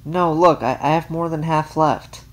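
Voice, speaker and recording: A man's voice: on the high side, fairly even intonation, normal speed, voice pushed up, natural voice. A man voicing a gushing, girlish young woman visitor.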